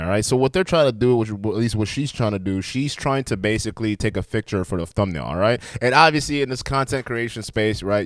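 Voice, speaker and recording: A man hosting a reaction video, giving blunt, profane commentary and lecturing his viewers in a loose, animated way. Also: medium pitch, no echo.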